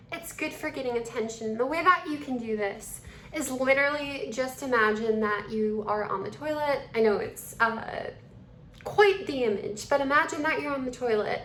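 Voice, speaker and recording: A woman's voice: high-pitched, normal speed, a bit bright, echoey room, a little hiss or hum. A young woman voice teacher explaining vocal techniques and switching into a demonstrated male voice to show the difference. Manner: switches between her own and a demonstrated male voice.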